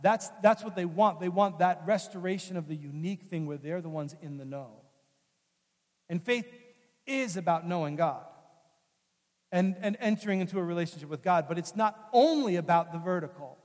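A man's voice: high-pitched, expressive, normal speed, a little mellow. A man preaching a sermon as pastor. He tells stories in a conversational, earnest way and often repeats key phrases. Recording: long hall reverb.

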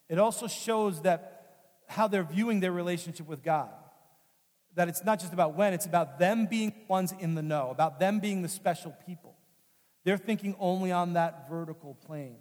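A high-voiced male pastor preaches in an earnest, conversational way and leans on repeated phrases. His voice carries a long hall reverb. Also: moderate pace, a little mellow. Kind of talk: sermon.

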